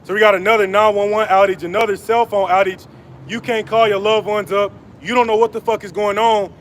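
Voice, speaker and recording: A male street preacher with a high, light voice addresses passersby outdoors. He swears and mocks between chuckles, then slows down and raises his voice to read scripture. Faint street noise sits behind him. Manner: profane and mocking, laughing between taunts; reads scripture slower and louder. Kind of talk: live-streamed street preaching.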